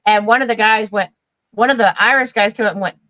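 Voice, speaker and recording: A woman's voice: medium pitch, bright, forceful tone, no echo. Rambling woman, dry dull sound. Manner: rambling, storytelling, halting restarts. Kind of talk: casual live chat.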